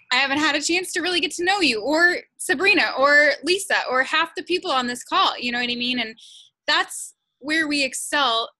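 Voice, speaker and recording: A woman's voice: a little high, bright, forceful tone. A woman team leader reacting effusively on a video call, swearing casually. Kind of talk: casual chat.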